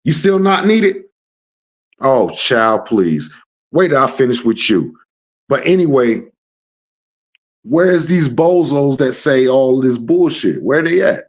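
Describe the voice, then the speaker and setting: A man's voice: mid-range voice, very animated, slow pace, long pauses. A man hosting a live stream, ranting at trolls in a brash, profane and confrontational way. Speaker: livestream host.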